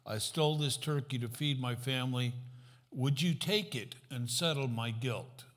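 A man's voice: medium pitch, moderate pace, a bit bright, close to an everyday voice. A man voicing a repentant male thief who pleads tearfully with a priest in a joke. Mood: pleading.

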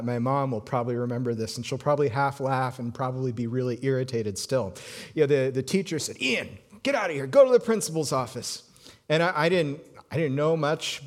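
Storytelling male pastor with hushed asides. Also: medium pitch. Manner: storytelling with many restarts, drops to soft hushed tones for emphasis. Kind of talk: sermon.

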